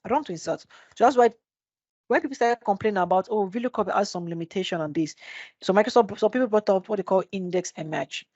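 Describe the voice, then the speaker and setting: A woman's voice: mid-range voice, quick pace, darkish tone, no room sound. A woman leads a live spreadsheet class over a computer mic. She keeps asking the class rhetorical questions and answers them herself. The audio is dry and a bit muffled. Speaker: Excel instructor. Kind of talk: live screen-share tutorial. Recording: dull dry webinar audio.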